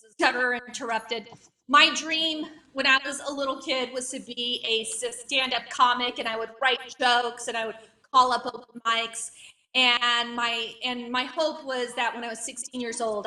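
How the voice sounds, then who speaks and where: A woman in her late thirties performs a stand-up comedy set with a stutter, repeating and blocking on sounds. Her delivery is wry and self-mocking. Her voice is high and bright, picked up from a distance.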